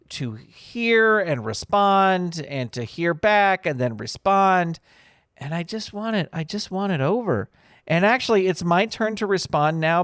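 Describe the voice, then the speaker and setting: A man's voice: a little high, clean tone, no room sound, studio quality. A man hosting his own podcast in a casual, rambling solo chat full of ums and uhs. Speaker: podcast host.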